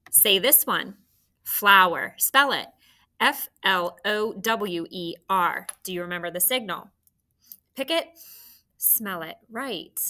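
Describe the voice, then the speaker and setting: A woman's voice: mid-range voice, pushed and bright. A woman teacher drilling children on spelling homophones, encouraging them step by step. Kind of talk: recorded phonics lesson for children.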